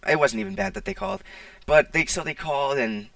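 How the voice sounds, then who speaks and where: A man's voice: fairly high pitch, expressive, fairly quick, vocal fry, a bit bright, dry recording. A teenage boy telling a casual storytime, rambling with lots of "like" and restarts, recorded on a poor mic. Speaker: vlogger. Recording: distant, dry, poor-quality mic.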